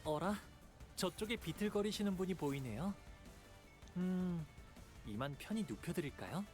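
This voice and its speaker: A courteous young companion from a game, his delivery rapid-fire and a shade higher than most men. He speaks softly and politely with a light teasing edge. Faint music sits under the voice. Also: animated. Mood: gentle. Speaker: game character. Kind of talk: dubbed game dialogue.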